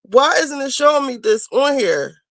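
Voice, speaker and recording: A woman hosting a casual livestream, chatting to viewers and getting loud and teary with excitement over new supporters. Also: high voice, moderate pace, dry recording. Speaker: livestream host.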